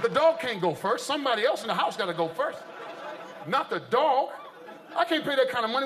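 A man from the United States doing live stand-up, telling stories in an animated, exaggerated way. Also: very high-pitched, brisk, some chatter behind. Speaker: stand-up comedian. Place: stage before a live audience. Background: faint audience laughter.

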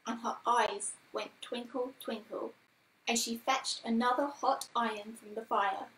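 Woman reading a kids storybook, gentle and slow, echoey room. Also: a little high, steady tone, a little hiss or hum. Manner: gentle, measured.

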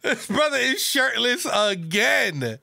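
A man hosting a reaction video, reacting with short, excited, slangy exclamations. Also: very high-pitched, takes it slowly, creaky, dry recording. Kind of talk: casual reaction commentary. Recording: loud music and crowd from played clip.

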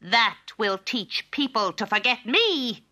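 A woman voicing a vengeful wicked fairy who shrieks and cackles in a slow, menacing way, for a children's storybook tape. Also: on the high side, sing-song, bright, forceful tone, voice pushed up, heavily acted. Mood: sly.

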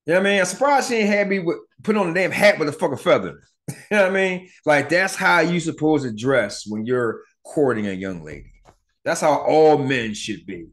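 A middle-aged man, telling a personal story on his podcast in a casual, profane, animated way, acting out the people he quotes. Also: on the high side, a little fast. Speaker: podcast host.

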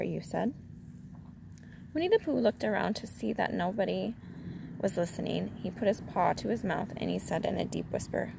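A woman reading a children's storybook aloud in a calm, measured way. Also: mid-range voice, vocal fry, background noise.

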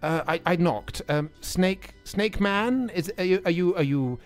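A man's voice: high-pitched, unhurried, soft background music. An actor playing a nervous young male drama student who witters on in a put-on posh voice, stammering and hesitating. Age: young adult. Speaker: radio sketch actor.

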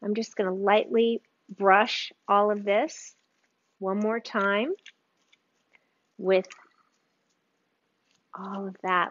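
A woman hosting a live home cooking stream, gushing over the food and talking straight to her viewers. Her voice sits at an ordinary pitch. The sound is a little dull and lo-fi, like a livestream from a kitchen. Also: steady tone, very slow, pauses often. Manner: gushing, enthusiastic, chatty with viewers. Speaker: cooking show host.

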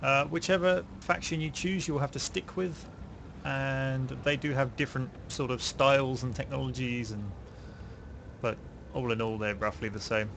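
Man, gravelly voice, dry explanations, noisy line. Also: mid-range voice, fairly even intonation, normal speed. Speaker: gamer in squad voice chat. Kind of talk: casual gaming voice chat.

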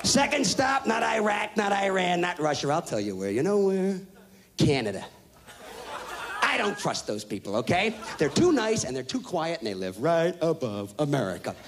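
A man in his thirties doing a loud, profane stand-up rant on a live stage. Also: fairly high pitch, very animated, moderate pace, background noise. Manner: loud, profane, ranting, mocking voices. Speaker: stand-up comedian. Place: stage before a live audience. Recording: live stage recording with audience.

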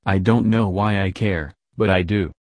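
A man's voice: low voice, steady tone, moderate pace, a little mellow, no echo, studio quality, close to an everyday voice. A man reading the lines of an impulsive young heroine who speaks in an earnest, heartfelt way. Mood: impassioned.

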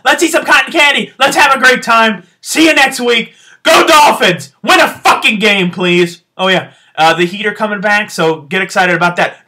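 A man's voice: high-pitched, moderate pace, slight background noise. A man hosting a podcast, delivering a profane, sarcastic sports rant. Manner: animated, swearing, sarcastic. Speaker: podcast host.

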